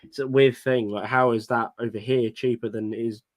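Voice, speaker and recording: A man's voice: mid-range voice, steady tone, a little fast, no room sound. Joking man with a dry, close sound. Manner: joking and teasing, laughs often. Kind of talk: casual chat.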